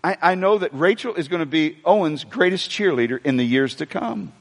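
Pastor preaching, kinda high voice, lots of repeats and "listen to me" asides, big church echo. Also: male voice, brisk. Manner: animated preaching with repetitions and asides to the congregation. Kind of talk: sermon. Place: church sanctuary. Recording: long hall reverb from a church sanctuary.

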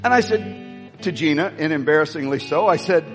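A man preaching a sermon as pastor, rousing the congregation to shout and praise. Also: sits high, lively intonation, fairly quick. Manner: rousing, calls the crowd to shout. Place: church sanctuary. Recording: long hall reverb with soft music.

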